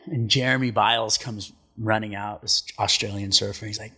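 Laid-back husky-voiced man telling stories. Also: on the low side, steady tone, moderate pace, pushed and bright. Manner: laid-back, swears a lot, acts out quotes. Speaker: podcast guest, pro surfer. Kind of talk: casual storytelling. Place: studio.

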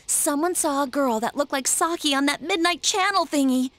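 A woman's voice: high voice, normal speed, no room sound. A gossipy teenage schoolgirl. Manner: gossiping, excited. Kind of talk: video game dialogue.

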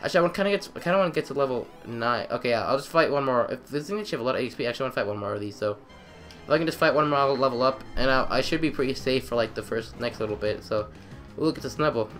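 Excitable young man narrating gameplay. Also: mid-range voice, racing, faint music behind. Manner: excitable, trash-talking, repeats phrases. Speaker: gamer. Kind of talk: let's play commentary.

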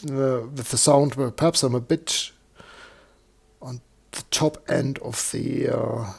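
A man with a croaky, slightly hoarse voice, walking through a software demo live and thinking aloud with lots of fillers. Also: mid-range voice, fairly even intonation, slow. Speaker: software tutorial presenter. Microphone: desktop microphone.

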